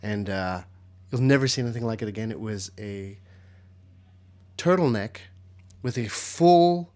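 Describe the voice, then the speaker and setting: A middle-aged man co-hosting a podcast, telling stories in a relaxed way and chuckling. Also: fairly low pitch, a little slow. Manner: laid-back storyteller, chuckles often. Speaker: podcast co-host. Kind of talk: casual live podcast banter.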